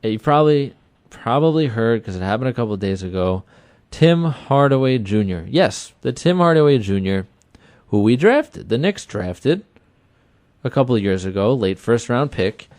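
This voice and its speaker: A man in his thirties hosting a sports talk radio show, chatty and energetic, repeating himself for emphasis. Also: medium pitch, moderate pace, no echo. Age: 30s. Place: small web radio studio.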